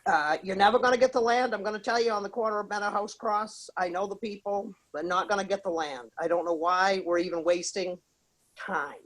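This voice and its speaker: A woman's voice: mid-range voice, brisk, rough recording. A woman with a Maine accent, calling in to a town meeting to give an angry, emphatic public comment. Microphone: remote call-in.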